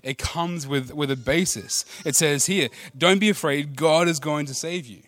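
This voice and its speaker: A man preaching a sermon, swinging between loud emphatic lines and hushed ones. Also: a little high, moderate pace, no room sound, clean studio sound. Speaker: pastor.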